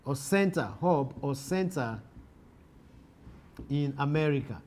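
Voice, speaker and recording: A man lectures on literature in a slightly high voice. He repeats each key phrase and often breaks off to restart a sentence. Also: animated, slow pace, darkish tone. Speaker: literature teacher.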